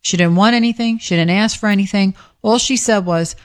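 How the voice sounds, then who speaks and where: A woman on a talk radio show, a longtime member of its staff, bantering casually with the host. She teases him and scolds him gently, with a middle-pitched voice and an easy tone. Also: lively intonation, fast, few pauses, no echo, studio quality. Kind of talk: casual on-air chat.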